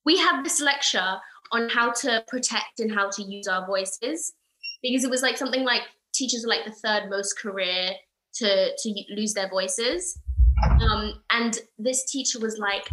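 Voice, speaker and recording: A young woman from the UK in casual chat, lively and emphatic, often laughing. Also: fairly high pitch, normal speed, roomy sound, poor audio. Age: young adult. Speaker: podcast guest.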